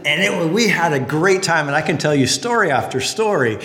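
Animated male preacher in an echoey hall. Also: a little high, a little fast, slight background noise. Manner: animated storyteller, jokey asides. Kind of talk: sermon with storytelling.

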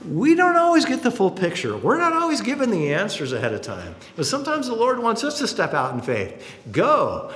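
A man preaching a sermon in an animated way, acting out the people in his stories. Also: fairly high pitch, moderate pace. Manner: animated, acts out quotes. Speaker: pastor. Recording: roomy hall reverb.

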